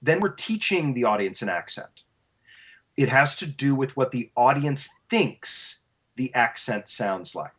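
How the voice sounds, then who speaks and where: A voice actor and coach giving advice as an interview guest, animated and explanatory, restarting his sentences often. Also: mid-range voice, unhurried, breathy edge.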